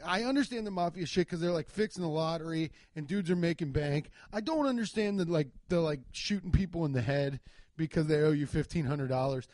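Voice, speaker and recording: A young man spins a long, rambling story, swearing freely and staying laid-back. His voice sits a little high. The sound is dry and close, with no room around it. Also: fairly quick, darkish tone, no echo. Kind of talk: casual comedic storytelling.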